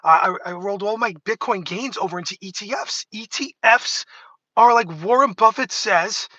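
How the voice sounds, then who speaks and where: Animated, high, bright-voiced man chatting. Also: normal speed, dry recording. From New York State. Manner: rambling, animated, self-interrupting. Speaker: livestream host. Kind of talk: casual talk to camera.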